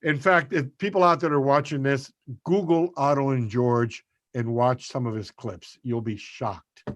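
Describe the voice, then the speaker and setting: An older man, a comedian telling an animated story on a video call and swearing freely. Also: mid-range voice, measured pace, no echo, highs cut off. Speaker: comedian guest. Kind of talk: casual storytelling.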